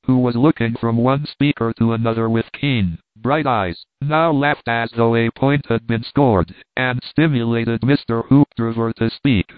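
A man reading a classic novel aloud in a measured, wry storytelling manner. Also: medium pitch, no echo. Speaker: narrator. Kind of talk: audiobook narration of classic fiction. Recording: tinny phone-like dry sound.

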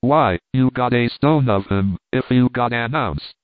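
A man's voice: mid-range voice, unhurried, no echo, lightly acted. A man voicing a young man in gaiters, blunt and taunting. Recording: dry, tinny phone-like sound.

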